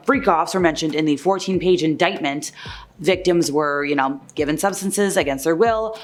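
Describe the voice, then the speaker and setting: A woman hosting an entertainment news video in a casual, conversational way, often paraphrasing people with "like". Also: on the low side. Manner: chatty, conversational, paraphrases others with "like". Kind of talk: casual celebrity gossip commentary.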